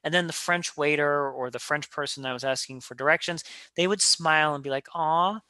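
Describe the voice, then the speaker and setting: A man chatting casually and telling lively stories, with frequent restarts and filler words. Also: on the high side, fairly quick, dry recording. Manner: animated storyteller, many restarts and filler words. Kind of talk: casual conversation.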